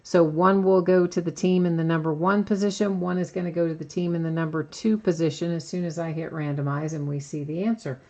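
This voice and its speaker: A woman's voice: fairly low pitch, steady tone, a little fast, hardly any pauses, darkish tone. Lo-fi chatty woman hosting a card break. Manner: chatty, dryly sarcastic asides. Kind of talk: casual live commentary. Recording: dull lo-fi home recording.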